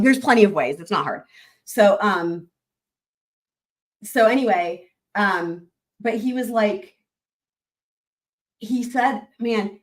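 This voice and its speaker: Excitable woman live-streaming to her viewers. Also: medium pitch. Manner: excited, rambling storytelling with many restarts; addresses viewers directly as y'all. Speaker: YouTube trial-recap host.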